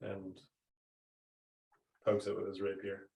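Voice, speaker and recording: A man's voice: low voice, completely flat delivery, takes it slowly, creaky, dark tone, echoey room. A man playing a tabletop game, playful and eager to join in. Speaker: player. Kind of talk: casual tabletop play.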